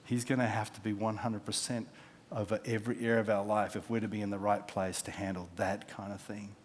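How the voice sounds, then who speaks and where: A man, a pastor preaching a sermon, telling stories and acting out the quotes, dropping from loud to hushed. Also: fairly low pitch, flat delivery, fairly quick, slight background noise. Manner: storytelling with acted-out quotes, swinging from loud to hushed.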